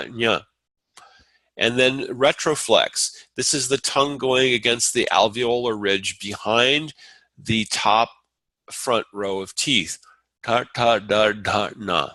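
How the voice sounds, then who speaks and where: A man teaching a Sanskrit class, explaining at an unhurried pace with frequent fillers and restarts. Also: medium pitch, pushed and bright, dry recording, rough recording. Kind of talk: lecture.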